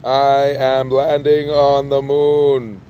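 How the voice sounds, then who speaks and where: A man putting on a solemn male astronaut reporting to mission control, drawing every word out slowly. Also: mid-range voice, monotone, highs cut off, slight background noise. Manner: very slow, drawn-out words.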